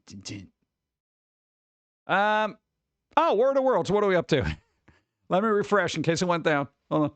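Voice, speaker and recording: A man's voice: on the high side, clear, resonant tone, no echo. A man streaming live, chatting casually and reading news aloud with offhand jokes in a rambling way.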